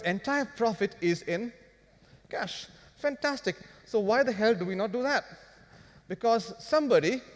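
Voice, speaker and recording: A man giving a live finance talk to an audience, animated and firing rhetorical questions at the crowd. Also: on the high side. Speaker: business speaker. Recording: long hall reverb.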